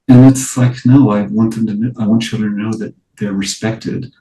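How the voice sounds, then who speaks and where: A man's voice: fairly low pitch, little pitch movement, moderate pace, hardly any pauses, mellow, echoey room, recorded from a distance, rough recording. A man who works as an early childhood educator, talking earnestly in a casual interview with many fillers and restarts.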